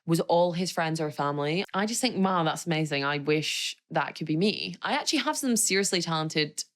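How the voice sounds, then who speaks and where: Woman, low voice, podcast host, casual solo chat, gushing, self-deprecating. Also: expressive, fairly quick. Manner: chatty, gushing, self-mocking.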